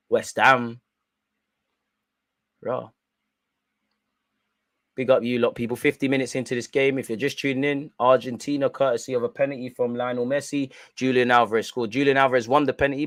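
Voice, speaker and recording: A man's voice: mid-range voice, a bit bright, dry recording. A young man hosting a live football watch-along, chatting in slang straight to his viewers. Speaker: live stream host.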